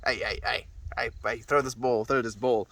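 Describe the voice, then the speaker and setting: A man's voice: medium pitch, fairly even intonation, moderate pace, fairly bright tone. A man voicing his female dog nagging him to throw the ball, in his own near-normal voice. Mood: insistent. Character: pushy little female dog begging for fetch.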